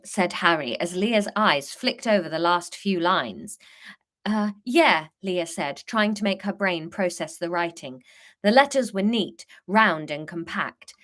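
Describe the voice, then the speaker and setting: Chatty, animated woman reading her story. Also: medium pitch. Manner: chatty, giggly, reads out the chat between story lines. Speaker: host writing a story live with her audience. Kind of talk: live-streamed storytelling chat.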